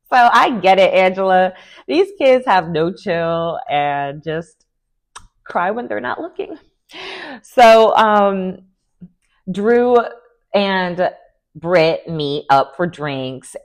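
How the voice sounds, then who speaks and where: A woman hosting a casual reality TV recap, animated and sassy, full of slang and quick laughs. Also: mid-range voice. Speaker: TV recap host.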